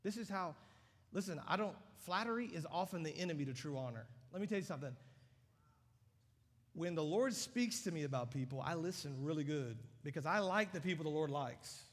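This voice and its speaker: Male guest preacher, slightly high voice, energetic, emphatic delivery, long hall reverb. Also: brisk. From United States. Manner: animated, rising to loud emphatic peaks. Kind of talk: sermon. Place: large church auditorium.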